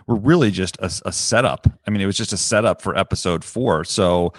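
A man's voice: sits low, brisk, dry recording, studio quality. A man with a Philadelphia accent co-hosting a podcast, talking casually and rambling with frequent restarts and the odd swear. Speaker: podcast co-host. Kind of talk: casual chat.

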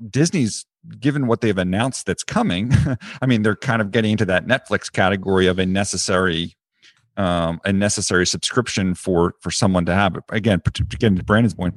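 Deep-voiced Philly man in casual chat. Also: no room sound, studio quality. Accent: Philadelphia. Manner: rambling, self-correcting, swears casually. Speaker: podcast co-host.

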